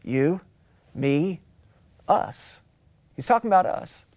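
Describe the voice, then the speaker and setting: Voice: medium pitch, animated, a little mellow, dry recording. Emphatic pastor preaching, dry sound. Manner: emphatic, slows down to stress key phrases; calls out to the congregation. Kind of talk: sermon. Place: church.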